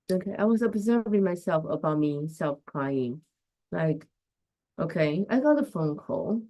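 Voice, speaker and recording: Woman coach on a live stream, lowish voice, reflective, says hi to viewers by name. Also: darkish tone. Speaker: host and coach. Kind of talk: casual live-stream talk.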